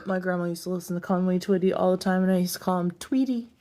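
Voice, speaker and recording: A woman's voice: lowish voice, fairly even intonation, fast talker, warm tone. A woman streaming live, chatting casually and playfully, often breaking into giggles. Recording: echoey room with long reverb.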